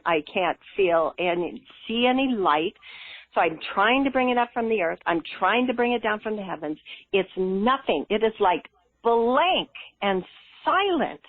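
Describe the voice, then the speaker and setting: A woman's voice: medium pitch, no room sound. Guest, woman, spiritual coach, chatty storyteller who laughs a lot, heard over a thin phone line. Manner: laughs often, lively and earnest. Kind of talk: conversational storytelling.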